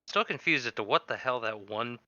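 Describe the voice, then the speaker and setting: A man's voice: mid-range voice, lively intonation, a little fast, sharp tone, no echo, highs cut off. A man playing in a tabletop game, easygoing and thinking aloud. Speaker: player. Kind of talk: casual tabletop play.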